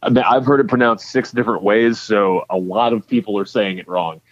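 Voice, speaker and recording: Casual male podcast co-host, lowish voice, rambling delivery, muffled lo-fi sound. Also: fairly even intonation, a little fast. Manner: rambling, many restarts and fillers. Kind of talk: casual sports chat.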